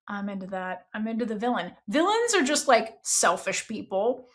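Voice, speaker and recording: A woman hosting a casual book review podcast, chatty and expressive, swearing freely as she talks. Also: mid-range voice, moderate pace, few pauses. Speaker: book club podcast host.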